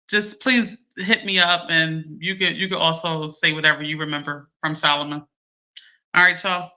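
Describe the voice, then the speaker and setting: A woman, hosting a livestream and chatting to her viewers in a lively way, laughing often. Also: on the low side. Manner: animated, laughing, addresses viewers as y'all. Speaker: livestream host. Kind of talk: casual chat to a live audience.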